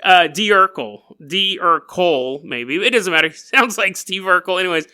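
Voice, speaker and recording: A man hosting a podcast, telling a strange story in a playful, jokey way with quick asides. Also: high voice, bright, forceful tone, clean tone. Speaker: podcast host. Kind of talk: casual comedic storytelling.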